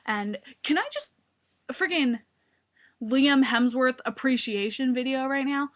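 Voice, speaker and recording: A woman's voice: high-pitched, expressive, a little slow, a bit bright. Gushing young woman on a webcam. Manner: gushing, breathless, full of filler words. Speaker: vlogger. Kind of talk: excited casual webcam vlog. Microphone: webcam mic.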